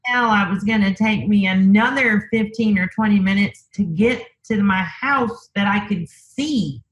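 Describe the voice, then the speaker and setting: Woman guest talking real slow and easy, lots of "you know" and "like", kinda muffled audio. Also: medium pitch. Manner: unhurried, thinks aloud with many fillers. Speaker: interview guest. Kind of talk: casual conversational storytelling.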